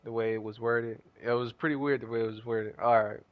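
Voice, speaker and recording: A man's voice: medium pitch, steady tone, a little fast, phone-quality sound. A young man chatting casually as a gaming streamer, telling a rambling story in slangy talk.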